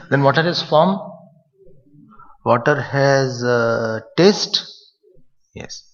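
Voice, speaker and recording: A man's voice: fairly high pitch, vocal fry, a bit bright. Man, teacher's lecture, playful, quizzes listeners, dull lo-fi recording. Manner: playful, asks the listeners questions. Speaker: spiritual teacher. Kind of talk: lecture on scripture. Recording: dull lo-fi recording in a reverberant hall.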